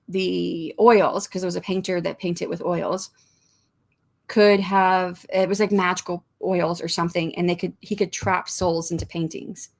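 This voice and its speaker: A woman's voice: fairly low pitch, creaky. A middle-aged woman hosting a livestream, chatting casually, reading out comments and rambling with frequent restarts and small laughs. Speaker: livestream host of writing sprints.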